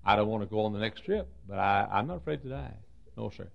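An older man preaching a sermon, telling folksy stories with stammered restarts and sudden swings from loud to soft. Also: on the low side, animated, fast, gravelly, lo-fi sound.

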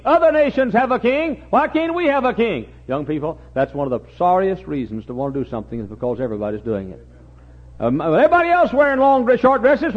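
A folksy preacher man telling a story from the pulpit, with joking asides and acted-out voices. His voice sits slightly high, husky, and swings widely in pitch. The recording is dull and lo-fi. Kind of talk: sermon.

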